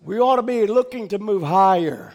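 High-voiced man preaching a fervent sermon. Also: expressive, normal speed, lo-fi sound. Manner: fervent, building to shouts with call-outs to the congregation; folksy storytelling.

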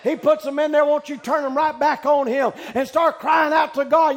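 A male preacher delivering a fervent sermon, shouting out loud cries and then dropping to hushed talk. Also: very high-pitched, fairly even intonation, normal speed, gravelly, few pauses, some chatter behind.

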